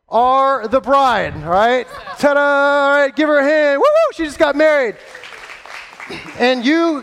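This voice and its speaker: A man leading an interactive Bible story on stage, playful and energetic as he coaches volunteers in front of a live audience. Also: very high voice.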